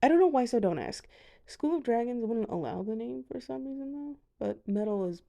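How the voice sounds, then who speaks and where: A woman's voice: on the high side, animated, a little fast, creaky, dark tone. A young woman giving a casual voice-over of a video game, chatty with self-deprecating asides. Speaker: gamer showing her dragons.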